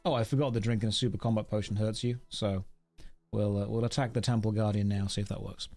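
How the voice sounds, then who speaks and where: A man's voice: on the low side, fairly even intonation, fast, creaky, mellow, faint music behind. Chatty, wry male streamer. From United Kingdom. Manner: chatty, rambling, thanks viewers, wry self-mocking. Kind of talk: casual live-stream chat while gaming.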